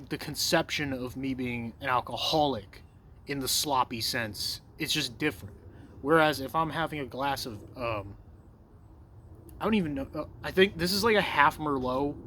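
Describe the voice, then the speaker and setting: A loose, foul-mouthed monologue to camera comes from a male vlogger who peppers his talk with "bro" and "dude," sounds sure of himself, digresses freely, and lets sentences trail off. His voice is mid-range and sharp in tone, and the recording carries a little hiss or hum.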